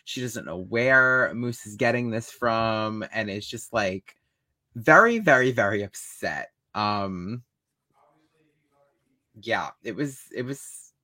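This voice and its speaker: A woman co-hosting a casual recap chat, lively and quick to jump in with details. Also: rumbling low, no room sound. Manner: lively, laughing, jumps in with details. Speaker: podcast co-host.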